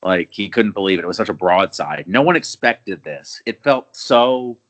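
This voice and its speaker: A man's voice: low voice, expressive, moderate pace, lo-fi sound. A man hosting a podcast in a casual, rambling chat, swearing and restarting his thoughts often. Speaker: podcast host.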